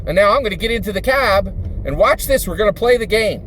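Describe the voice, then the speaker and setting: A man's voice: high-pitched, lively intonation, quick pace, a bit bright, a little hiss or hum, pitched above the performer's own voice. A man voicing an earnest middle-aged father who insists, eager and sure of himself. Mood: cheerfully insistent.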